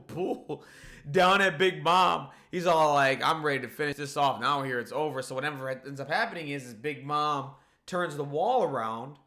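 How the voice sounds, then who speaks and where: A man giving a casual, excited spoken recap of a manga chapter, swearing freely and filling his talk with "like" and "you know". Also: a little high.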